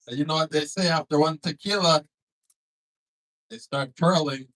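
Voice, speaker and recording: A man's voice: on the high side, a bit bright, rough recording. A man hosting a comedy show on a club stage, doing loose, profane crowd work and teasing the audience.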